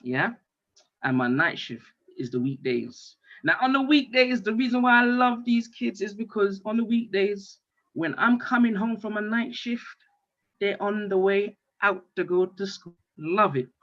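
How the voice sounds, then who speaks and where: A man with speech, doing a stand-up comedy monologue in an animated way, with loud outbursts and swearing. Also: high voice, a little slow. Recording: dull lo-fi stream audio.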